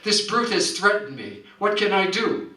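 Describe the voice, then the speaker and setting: A man's voice: high-pitched, lively intonation, moderate pace, sharp tone, voice pushed up. A man doing a spirited poor Irish lass. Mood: pleading. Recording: roomy hall, distant mic.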